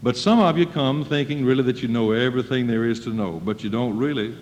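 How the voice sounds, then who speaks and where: A man preaching a sermon to students in a folksy manner, acting out quoted voices and rising to loud emphasis. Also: medium pitch, fast, a little hiss or hum. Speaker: preacher at a school chapel. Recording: dull old recording in a reverberant hall.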